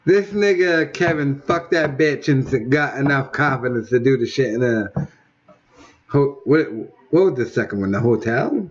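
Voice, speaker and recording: A man's voice: medium pitch, animated, moderate pace, faint music behind. Profane laughing man, muffled lo-fi audio. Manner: loud, profane, laughs often. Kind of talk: casual crude banter. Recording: dull lo-fi audio.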